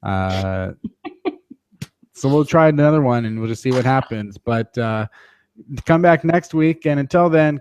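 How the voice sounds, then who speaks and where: A man's voice: medium pitch, animated, a little slow, long pauses, a little mellow, clear, resonant tone, no echo. A man hosting a sports podcast, chatting casually in a loose, self-deprecating way with lots of "uh" fillers. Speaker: podcast host.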